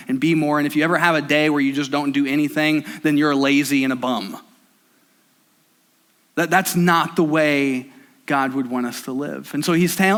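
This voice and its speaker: Man, high-pitched, preaching, emphatic, repeats phrases, thirties. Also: a bit bright. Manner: emphatic, repetitive preaching with rising intensity. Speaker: pastor. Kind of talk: sermon.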